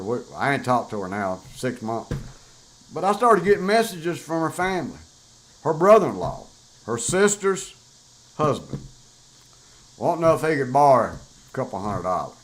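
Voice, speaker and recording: A man's voice: mid-range voice, low-quality recording. An older man, talking bluntly and profanely in a rambling, casual monologue as a show host. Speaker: podcast host.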